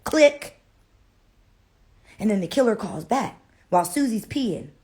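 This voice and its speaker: A woman's voice: medium pitch, expressive, moderate pace, dark tone. A woman on a phone livestream, telling a story in a playful, dramatic way. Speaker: social media personality.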